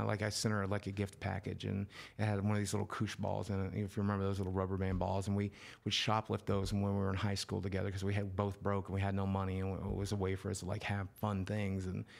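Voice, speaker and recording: A man's voice: fairly low pitch, creaky. A middle-aged man, a podcast guest, telling a personal story candidly, swearing freely and dropping to near whispers at the heavy parts.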